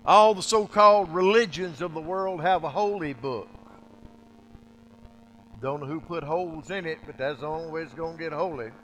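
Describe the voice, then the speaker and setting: A man preaching in a high, forceful voice, hammering his points with repetition. He drops his voice almost to a murmur, then swells back up again. The delivery is insistent and emphatic. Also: normal speed, a little hiss or hum, low-quality recording. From United States. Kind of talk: sermon.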